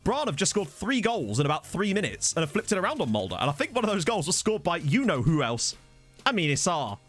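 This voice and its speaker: Man, casual let's-play commentary, animated intonation, faint background music. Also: sits high, fast talker. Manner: chatty, jokey, reacting to the match. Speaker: gaming channel host. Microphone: desktop studio mic.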